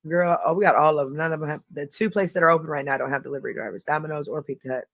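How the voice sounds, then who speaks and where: A woman's voice: deep voice, rapid-fire. A woman hosting a casual livestream, talking loosely in slang and rambling through her points. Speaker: livestream host.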